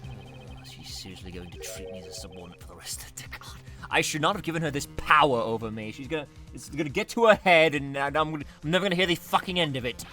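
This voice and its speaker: A man hosting a let's play, talking in a profane, excitable and rambling way. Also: medium pitch, fast talker, hardly any pauses, over music. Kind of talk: casual game commentary.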